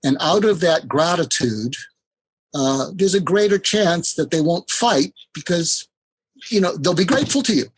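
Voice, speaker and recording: A man's voice: fairly high pitch, lively intonation, normal speed, slightly rough, no echo, poor audio. A man speaking as a podcast guest, earnestly explaining ideas and giving step-by-step tips with frequent hesitations. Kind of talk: explanatory interview talk.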